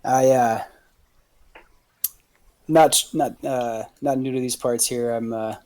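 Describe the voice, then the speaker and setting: A man's voice: mid-range voice, steady tone, slow, darkish tone. A man playing in a tabletop game, talking hesitantly and laughing at his own uncertainty. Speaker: player. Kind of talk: casual chat in a tabletop game. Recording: noisy mic with clicks.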